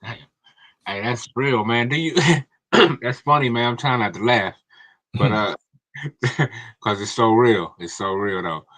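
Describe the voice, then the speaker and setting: A man's voice: medium pitch, unhurried, a bit bright. A man in casual livestream chat, laid-back, often ending lines with "man".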